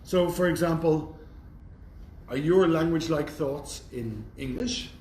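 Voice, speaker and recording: A man gives a university lecture in a thoughtful, conversational style, dropping in wry asides. His fairly high voice is mellow and measured in pace, recorded with roomy echo and faint background noise.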